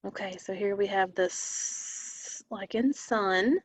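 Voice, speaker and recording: A woman teacher leading a phonics lesson for young children, modeling words slowly and deliberately. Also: medium pitch, breathy edge, no room sound. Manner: slow, deliberate word-by-word modeling.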